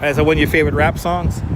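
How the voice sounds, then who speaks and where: A man hosting a casual live walking stream outdoors, chatting and joking with viewers by name on a wireless clip-on mic. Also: fairly high pitch. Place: outdoors on busy city streets and bridges. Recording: street traffic noise behind.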